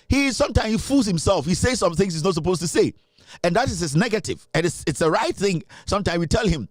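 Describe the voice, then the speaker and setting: Animated Ghanaian man, dry close sound. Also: high-pitched, dry recording. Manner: animated, mixing English and Twi, slows to drawn-out soothing tones. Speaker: host. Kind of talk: casual chat.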